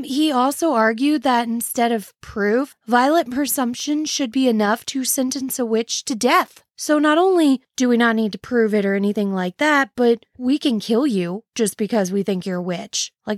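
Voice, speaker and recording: A woman's voice: on the high side, dry recording, studio quality. Sarcastic woman hosting a history podcast. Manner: sarcastic, wry asides. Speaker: podcast host. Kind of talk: casual history podcast narration.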